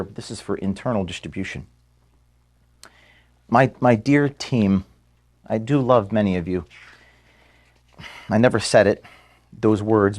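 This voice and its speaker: Earnest man in an office. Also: lowish voice. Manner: earnest and measured, dropping quiet and halting when moved. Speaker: organization founder addressing staff. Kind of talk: emotional farewell statement. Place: office room at headquarters.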